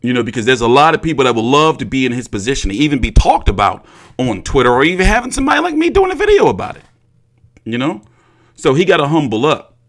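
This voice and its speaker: A man's voice: medium pitch, huge pitch swings, fast talker, a bit bright. A young man hosting a boxing commentary vlog, talking casually with lots of slang and profanity. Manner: profane, repetitive, street slang.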